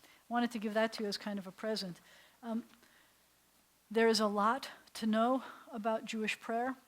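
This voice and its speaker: A woman rabbi teaching an adult class on prayer, reciting Hebrew lines slowly and translating them phrase by phrase, with soft, dropped-voice asides. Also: fairly high pitch, fairly even intonation.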